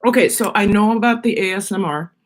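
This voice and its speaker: A woman's voice: mid-range voice, fairly quick. A middle-aged woman chatting casually on her own live stream, rambling from one thought to the next while she eats. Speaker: vlogger on her own channel.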